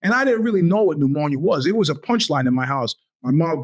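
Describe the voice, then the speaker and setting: A man in his fifties tells a winding story as a podcast host. He talks in a slightly high voice and jumps into the voices of the people he quotes. The delivery is loose and animated. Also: fast talker. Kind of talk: storytelling monologue.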